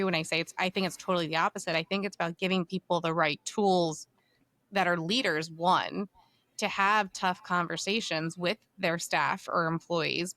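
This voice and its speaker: A woman's voice: lowish voice, fairly bright tone, dry recording. A woman in her thirties hosting a podcast interview, talking in an emphatic, casual way. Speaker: podcast host.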